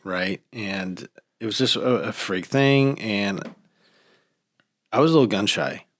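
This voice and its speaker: A man casually chatting on a podcast, telling stories with lively acted-out quotes. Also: lowish voice, slow, no echo, studio quality. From United States. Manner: animated storytelling, acts out quotes. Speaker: podcast host. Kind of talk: casual chat.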